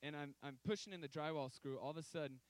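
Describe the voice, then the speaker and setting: A man in his thirties preaching a sermon, telling stories with emphatic, sudden loud outbursts. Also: a little high, fast, dry recording, rough recording.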